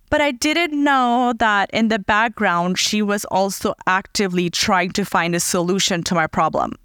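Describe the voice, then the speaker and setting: A woman's voice: mid-range voice, normal speed, hardly any pauses, fairly bright tone, clear, resonant tone, no echo, studio quality. A woman hosting a podcast, telling a personal story in an earnest, heartfelt and reflective way. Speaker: podcast host.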